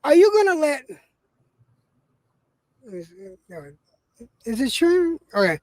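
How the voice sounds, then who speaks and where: A man's voice: very high-pitched, big pitch swings, measured pace, long pauses, a little mellow, dry recording. A man from New Mexico hosting a casual, profane, argumentative chat. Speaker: host.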